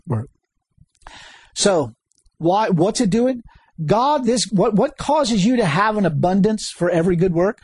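A man preaching a sermon, animated and chuckling often, repeating key words and rising to sudden high exclamations. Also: unhurried, pauses often, husky, no room sound.

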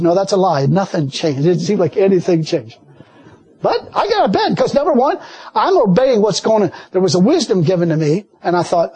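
A man preaching a sermon with folksy, animated storytelling and frequent laughter. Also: sits high, moderate pace, slightly rough, no echo.

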